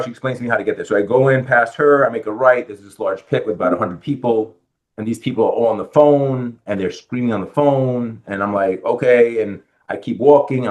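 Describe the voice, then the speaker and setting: A middle-aged man from the Bronx, a guest in a podcast interview, telling his story and acting out what people said to him. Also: medium pitch. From Bronx, New York. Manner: animated storyteller acting out quoted dialogue. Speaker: guest, real estate lender.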